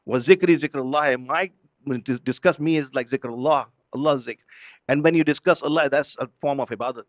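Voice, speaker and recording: A man's voice: medium pitch, fairly quick, dry recording, lo-fi sound. A man preaching an impassioned sermon at a mourning gathering. He fires off rhetorical questions and switches between English and Urdu.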